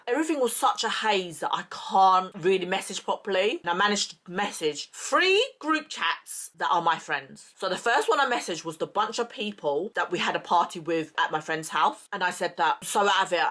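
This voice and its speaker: A woman's voice: medium pitch, fairly bright tone. A young woman vlogging a personal story in an emotional way, swearing freely and reliving events as she tells them. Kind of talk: storytime vlog.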